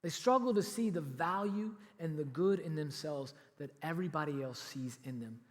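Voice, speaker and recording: Animated pastor preaching in reverberant hall. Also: male voice, a little high, normal speed. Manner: animated storytelling, acts out quoted lines. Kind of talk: sermon. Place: church auditorium.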